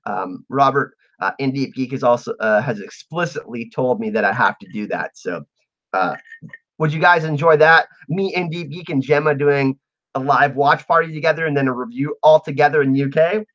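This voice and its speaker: A man's voice: mid-range voice, moderate pace, fairly bright tone, lo-fi sound. A man hosting a casual livestream, chatting with viewers and reading out their messages, laughing often. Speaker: livestream host.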